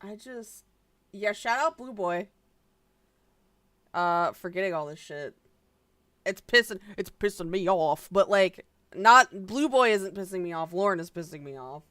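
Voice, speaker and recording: A woman's voice: medium pitch, expressive, measured pace, pauses often, a bit bright, no room sound. A woman streamer giving casual reaction commentary, exasperated and profane, sighing often.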